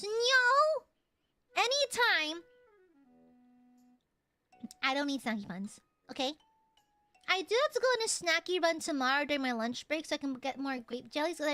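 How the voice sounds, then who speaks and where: A woman streamer chats casually with her viewers, playful and teasing, swinging between loud squeals and low mutters. There's no echo.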